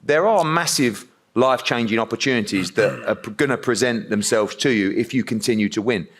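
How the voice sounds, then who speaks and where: A man's voice: medium pitch, fairly quick, a bit bright. A man interviewing at a press conference, asking long, rambling questions with many restarts.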